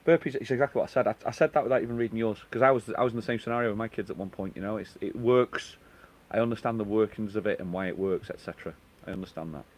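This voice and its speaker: Out on his terrace, a middle-aged man runs a live stream with his mic resting on a table. His voice sits fairly low and he speaks quickly, chatting away as he reads viewer comments aloud and replies to them.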